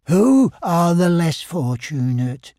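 A man voicing a gentle, simple bear with a soft, breathy voice, asking slow, wondering questions. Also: on the high side, very animated, no room sound, clean studio sound, pitched above the performer's own voice, full character voice.

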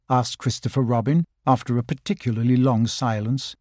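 A man narrating a children's storybook, scripted and expressive. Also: medium pitch, moderate pace, no room sound, studio quality.

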